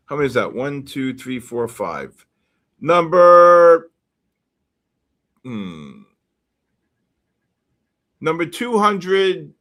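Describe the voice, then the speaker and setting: A man hosting a live stream, calling out giveaway numbers and names in a casual, drawn-out way with quick asides. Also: medium pitch, fairly bright tone. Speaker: livestream host calling giveaway winners.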